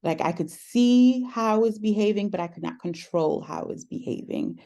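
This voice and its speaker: A woman talking through a personal story in conversation, earnest and reflective, often pausing with "um". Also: mid-range voice, gravelly, dark tone. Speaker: podcast host sharing her story as guest.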